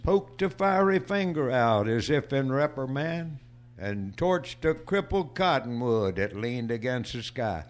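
A man performing on stage who introduces his own poem and then recites it in a measured way. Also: medium pitch. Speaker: cowboy poet performing. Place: stage before a small audience.

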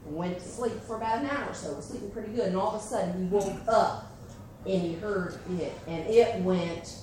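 A woman's voice: mid-range voice, brisk, a little mellow. A woman telling a folk tale together with a partner, drawn out and dramatic, in an echoey, distant live recording with noise. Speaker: storyteller. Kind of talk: tandem folk storytelling.

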